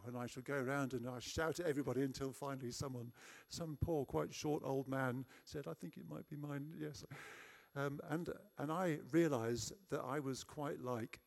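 A man's voice: mid-range voice, a little mellow. A middle-aged man preaching a sermon, telling a personal story in a chatty, self-deprecating way.

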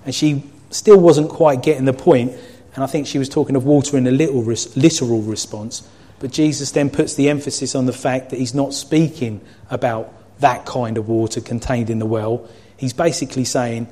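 A man delivering a sermon with a mellow, warm tone at a middling pitch. He talks earnestly and reflectively, teaching from scripture point by point. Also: normal speed. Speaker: preacher.

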